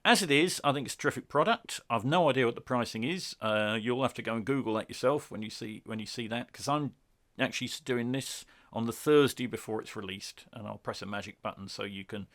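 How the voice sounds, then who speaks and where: A British man giving a casual, wry spoken review of music software, chatty and self-deprecating. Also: medium pitch, brisk. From Britain.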